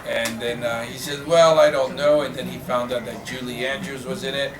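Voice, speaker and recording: A man's voice: medium pitch, level tone, a little fast, a crowd in the background. A man moderating a fan Q&A in a casual, rambling way. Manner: rambling, loose asides. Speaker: event moderator. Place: convention event room. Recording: echoey room, off-mic, noisy.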